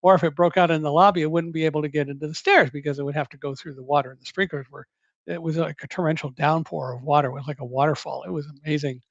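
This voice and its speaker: An older man telling his own survival story in an interview, in a measured, deliberate way with occasional self-corrections. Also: a little high, fairly even intonation, creaky, no room sound, lo-fi sound. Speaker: guest recounting a survival story.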